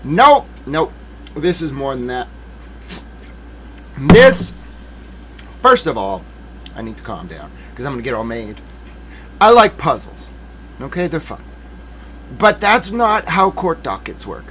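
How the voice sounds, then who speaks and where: A man's voice: medium pitch, huge pitch swings, measured pace, pauses often, fairly bright tone, slight background noise. A man hosting a live legal commentary stream, ranting with theatrical mock outrage and talking to himself in asides. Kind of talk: livestream commentary.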